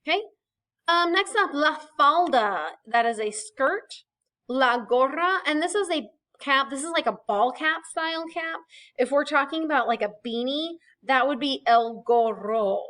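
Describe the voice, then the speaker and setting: A woman's voice: high-pitched, lively intonation, a little slow, bright, forceful tone, low-quality recording. A woman teaching a casual recorded vocabulary lesson, chatty and explaining with asides and fillers. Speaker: Spanish teacher.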